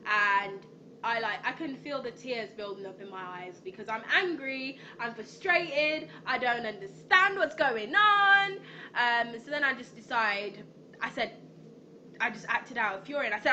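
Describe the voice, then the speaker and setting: A woman's voice: on the high side, lively intonation, normal speed, pushed and bright, dull audio, slight background noise. A young woman rambling through a storytime vlog, with lots of ums and restarts. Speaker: vlogger.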